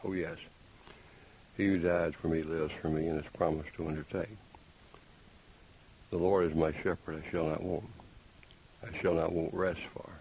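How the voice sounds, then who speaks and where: A man preaching a sermon, deliberate and emphatic, with pointed rhetorical questions. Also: deep voice, little pitch movement, a little mellow, breathy edge, low-quality recording. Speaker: pastor. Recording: faint hiss.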